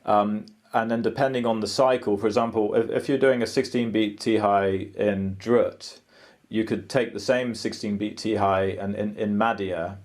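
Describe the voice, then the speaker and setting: Low-voiced man scatting rhythm syllables. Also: steady tone, moderate pace, a little mellow. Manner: hesitant, many ums and restarts. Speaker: guitarist and music teacher. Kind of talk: explaining rhythms, singing syllables aloud.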